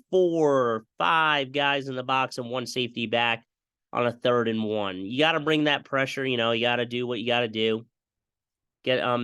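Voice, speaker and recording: A young man talking through football highlights in a casual play-by-play style, often breaking into excited broadcast-style calls. His voice sits in a middle range. He is recorded dry and close on a desktop mic. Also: smooth, no echo. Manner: excitable, mimics broadcast calls, repeats stock phrases. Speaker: fan video commentator.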